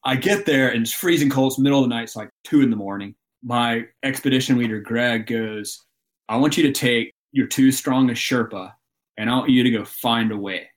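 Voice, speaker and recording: A man from Alabama, a mountain guide telling climbing stories in an interview, animated and laughing often. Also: mid-range voice, fairly quick. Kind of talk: storytelling interview.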